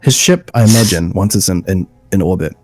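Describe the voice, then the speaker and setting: A man's voice: sits low, brisk, darkish tone, slight background noise. A man co-hosting a podcast, chatting casually and bluntly about an episode. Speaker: podcast co-host. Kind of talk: casual chat.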